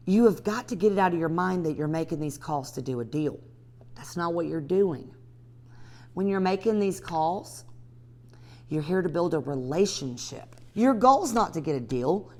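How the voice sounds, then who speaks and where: A woman teaching a live class on real estate cold calling. She talks to her students by name in an energetic, direct way. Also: on the low side. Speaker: real estate investing instructor.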